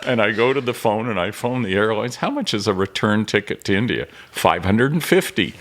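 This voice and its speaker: A man's voice: on the low side, a little fast. An older man from Canada, a filmmaker and podcast guest, telling stories animatedly and acting out the dialogue. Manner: animated storyteller, acts out dialogue. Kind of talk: storytelling in casual interview.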